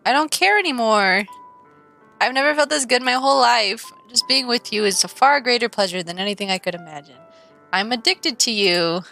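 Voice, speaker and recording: A woman voicing a shy teenage girl in a game who grows possessive and intense, read in a soft, creeping way. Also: a little high, normal speed, soft background music, poor audio. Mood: obsessive.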